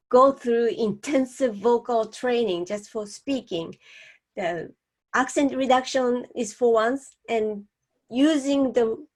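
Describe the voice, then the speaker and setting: Japanese accent lady, kinda high, talks slow and careful about voice stuff. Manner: slow, deliberate, demonstrates tones. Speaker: co-host, professional speaker. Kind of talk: casual panel discussion on speaking.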